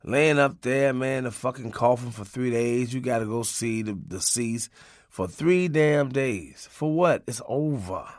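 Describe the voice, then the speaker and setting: A man's voice: medium pitch, unhurried, no room sound, studio quality. A man narrating a comic memoir in a loose, profane, conversational way, laughing as he goes. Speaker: audiobook narrator.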